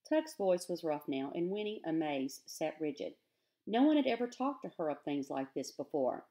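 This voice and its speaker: A woman teacher reading a children's novel aloud to her class at a steady, careful pace. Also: deep voice, moderate pace.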